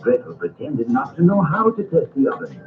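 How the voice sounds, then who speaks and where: A man narrating an old storybook cartoon in a measured, expressive reading voice, set a little higher than most men. The sound is thin and phone-like, with a roomy echo. Loud music plays underneath him. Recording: tinny old record with music.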